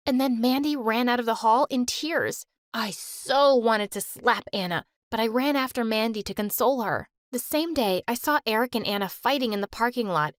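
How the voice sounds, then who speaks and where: A young woman narrating her own story in the first person, animated and expressive. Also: fairly high pitch, no room sound, studio quality.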